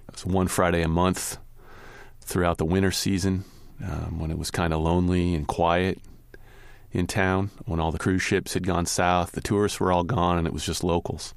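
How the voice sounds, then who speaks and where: Deep gravelly man telling a story. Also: dry recording. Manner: relaxed, conversational with frequent "you know" and "kinda". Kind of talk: first-person spoken storytelling. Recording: guitar music under the voice.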